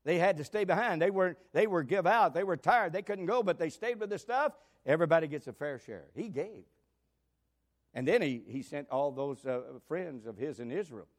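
An older man preaching a sermon, swinging between loud emphatic exclamations and soft asides. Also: on the high side, lively intonation, moderate pace. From United States.

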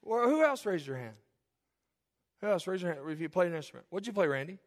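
A man preaching in a church, joking with the congregation, calling on people by name, then dropping into a soft, earnest tone. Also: high-pitched, big pitch swings, quick pace. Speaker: pastor. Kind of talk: sermon. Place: church sanctuary.

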